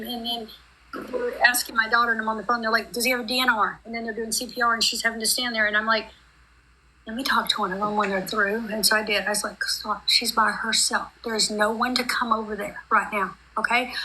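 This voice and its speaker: A woman's voice: on the high side, bright, forceful tone, poor audio. A middle-aged woman, chatting on a live stream call in a rambling, heartfelt, run-on way. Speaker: guest on a group live stream. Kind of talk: emotional casual chat.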